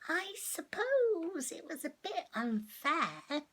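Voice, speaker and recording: An older woman voicing a curious male ginger cat in a storybook read-aloud, asking slow, wondering questions. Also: extremely high pitch, sing-song, fairly bright tone, pitched above the performer's own voice, exaggerated voice. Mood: thoughtful.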